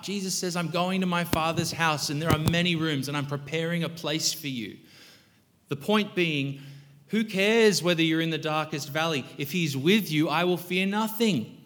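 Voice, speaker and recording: A man preaching to a congregation with a somewhat high voice that carries a long hall reverb. He swings between loud, emphatic bursts and hushed, reflective stretches. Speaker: pastor. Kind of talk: sermon.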